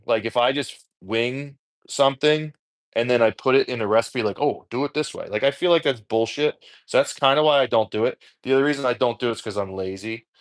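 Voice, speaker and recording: A home cook content creator with a mid-range voice and a New Jersey accent chats casually as he preps food. He rambles, pokes fun at himself and swears freely, and the recording is dry.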